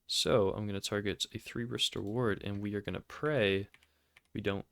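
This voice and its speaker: Over his trading charts, a video host chatters excitably, often sarcastic and self-deprecating. His voice is smooth and on the low side, picked up by a close mic that gives a dry, deadened sound with no room sound.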